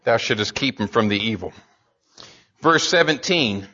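A man's voice: mid-range voice, expressive, normal speed, long pauses, sharp tone, breathy edge, lo-fi sound. A man preaching a sermon in an earnest way, building emphasis and often restarting his words as he speaks. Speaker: pastor.

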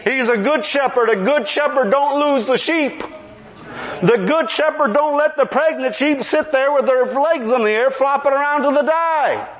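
A man's voice: very high voice, moderate pace. A man preaching a sermon, telling a funny story and then building into emphatic preaching, with a congregation answering him. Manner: animated storytelling with humor, rising to emphatic preaching. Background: congregation responding.

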